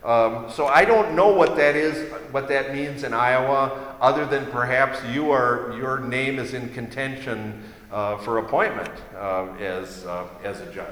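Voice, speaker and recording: Male law lecturer, mid-pitch, stop-start delivery full of fillers, heavy hall reverb. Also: fairly bright tone, slight background noise. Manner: halting, many "uh" fillers, dry asides. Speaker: legal ethics lecturer. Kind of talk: continuing-education lecture.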